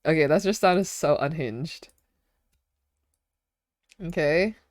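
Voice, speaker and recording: A woman's voice: deep voice, takes it slowly, darkish tone, dry recording, clean studio sound. A young woman streamer chatting casually with her audience, telling rambling stories full of fillers and giggles. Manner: rambling, filler-heavy storytelling with frequent giggles.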